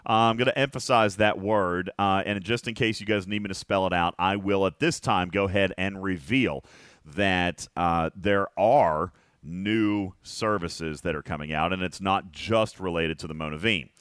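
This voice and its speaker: Low-voiced chatty male host. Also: a bit bright, clear, resonant tone, no echo, studio quality. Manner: chatty, laughs often, drawn-out emphasis. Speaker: podcast host. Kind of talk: casual chat.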